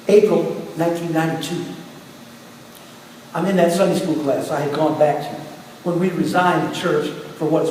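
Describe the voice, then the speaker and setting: A man with a fairly high voice tells his story as a sermon, talking to the congregation in a conversational way, then jumping up in pitch and loudness. He sounds far from the mic, in a church hall with a long, echoing reverb. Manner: storytelling, conversational, with sudden rises in pitch and volume. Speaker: guest preacher. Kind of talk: sermon testimony. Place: church sanctuary. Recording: distant mic in a long, echoey church hall with faint room noise.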